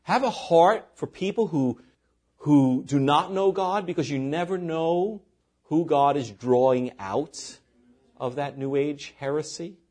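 A man's voice: a little high, measured pace, a little mellow. A man preaching a sermon as pastor, reading scripture aloud and breaking in with short asides to the congregation.

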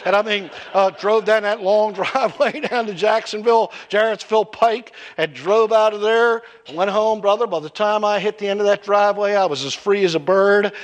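High-voiced preacher telling a story. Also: male voice, moderate pace, hardly any pauses. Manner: animated storytelling with acted-out voices. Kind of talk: storytelling sermon.

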